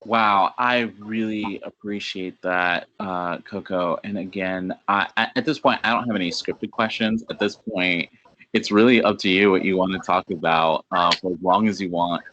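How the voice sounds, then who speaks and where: A man interviewing a guest over a video call, relaxed and encouraging. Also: low voice, normal speed, lo-fi sound. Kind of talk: casual interview.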